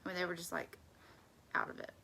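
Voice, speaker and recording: A woman with a lowish voice and a gravelly fry teaches a Bible study in a relaxed, conversational way. She stresses key points and drops to soft, near-whispered asides. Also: fast, a little hiss or hum.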